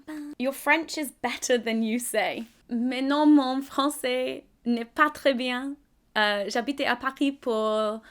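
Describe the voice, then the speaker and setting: A woman's voice: a little high, a bit bright. A woman in her twenties from England, chatting casually to camera as a YouTuber, giggly and self-deprecating. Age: 20s.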